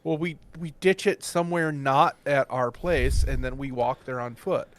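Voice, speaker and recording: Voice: mid-range voice, moderate pace, dry recording. A player in a tabletop game, casually talking through plans for the group. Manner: planning out loud, practical.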